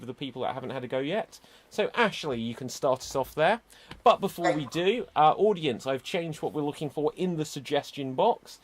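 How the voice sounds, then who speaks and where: A man hosting an online improv show, announcing rounds and votes in a brisk, upbeat way over a video call. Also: mid-range voice, a little hiss or hum.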